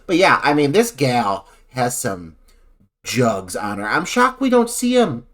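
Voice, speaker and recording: Animated, crude-joking male podcast co-host. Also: mid-range voice, a little slow. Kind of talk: casual film discussion.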